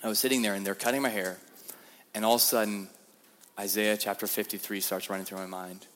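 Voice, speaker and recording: A young man with a low voice gives a sermon-style testimony from a church platform. He tells his story in an animated way, stumbling and repeating words, and acts out the quotes in it. The sound carries a long reverb from the large sanctuary. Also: fast, slight background noise. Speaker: guest speaker.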